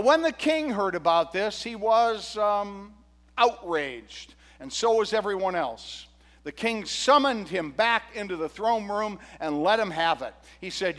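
A male pastor preaching a sermon, retelling a parable with animated, humorous storytelling. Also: high voice, long reverb tail.

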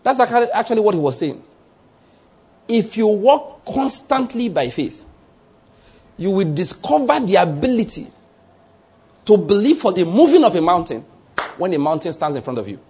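A middle-aged Nigerian man preaching a sermon, animated, stretching key words for emphasis and chuckling between points. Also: high voice, a little fast, husky. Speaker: pastor.

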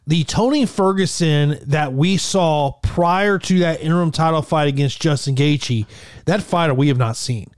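A man with a high-pitched voice co-hosting a casual fight-sports podcast. He talks loosely and leans on "like" fillers and restarts. The recording is dry and close-miked. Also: no room sound. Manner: chatty, with many "like" fillers and restarts. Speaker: podcast co-host. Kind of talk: casual MMA podcast chat.

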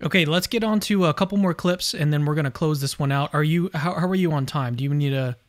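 A man's voice: a little high, fast talker, no echo, studio quality. A man hosting an interview, talking in a conversational way and often restarting his phrases. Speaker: host. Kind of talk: casual interview chat.

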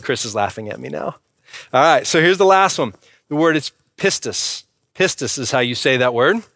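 A man's voice: mid-range voice, expressive, normal speed, creaky, a bit bright, no echo, clean studio sound. A man preaching a sermon in a conversational way and speaking directly to the congregation. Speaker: pastor.

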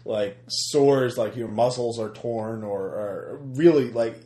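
A man's voice: medium pitch, slow, dark tone, reverberant, a little hiss or hum. A man narrating a tabletop horror game as game master, talking in a hesitant way with many fillers and restarts.

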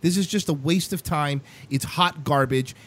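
A man's voice: a little high, moderate pace, fairly bright tone. A young adult man hosting a casual talk show, ranting emphatically and swearing often. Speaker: show host.

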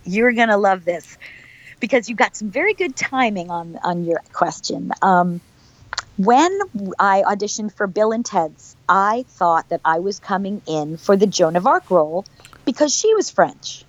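A woman guest telling animated, chatty stories with many restarts in a casual interview. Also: medium pitch, a little slow, no echo, muffled recording. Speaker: actress guest.

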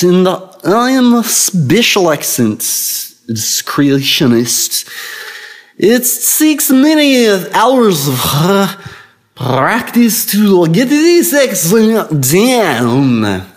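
A man putting on a pompous, invented accent for a comedy podcast bit, stretching every word out in a slow, rising sing-song. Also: high-pitched, very animated, voice pushed up, exaggerated voice. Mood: showing off.

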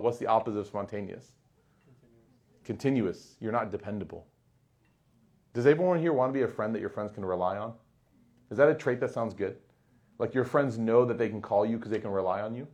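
A man giving a religious talk to a live audience, conversational and quick to act out everyday scenes in little voices. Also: mid-range voice, a little mellow. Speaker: Islamic lecturer.

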